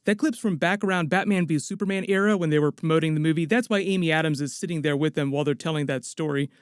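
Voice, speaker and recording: High-voiced man hosting movie news. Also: fast talker, clean tone, no room sound, clean studio sound. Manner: chatty, enthusiastic breakdown. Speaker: host of a movie news channel. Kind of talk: online movie news commentary.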